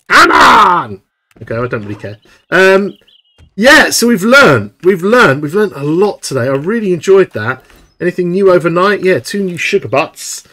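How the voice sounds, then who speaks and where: A young man giving excitable, chatty live commentary while streaming a video game. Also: fairly high pitch.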